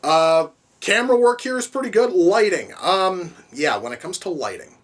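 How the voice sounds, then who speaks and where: A woman's voice: on the low side, animated, normal speed. Rambling, cursing woman reviewer, distant mic. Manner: profane, rambling with many restarts and fillers. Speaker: film reviewer. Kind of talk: casual video review.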